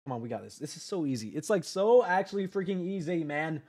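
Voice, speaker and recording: A man streaming a horror game live, joking with his chat, swearing and getting excitable. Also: on the high side, quick pace, slightly rough. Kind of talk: live gameplay commentary.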